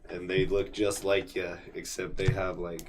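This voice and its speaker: A man's voice: low-pitched, level tone, normal speed, background noise. A man co-hosting an anime podcast, talking casually and laid-back, swearing and laughing often. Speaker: podcast co-host. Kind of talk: casual chat.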